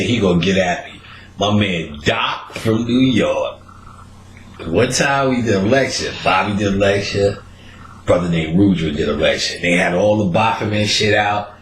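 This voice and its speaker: A man's voice: fairly low pitch, animated, normal speed, fairly bright tone, a little hiss or hum. A man hosting a podcast, telling a profane story in casual chat while laughing often. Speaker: podcast host. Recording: roomy echoey recording.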